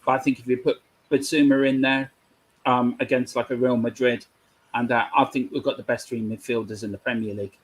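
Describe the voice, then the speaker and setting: A man's voice: mid-range voice, flat delivery, fairly quick, husky, poor audio. A man as a guest in a casual fan chat, earnest and opinionated. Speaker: guest pundit.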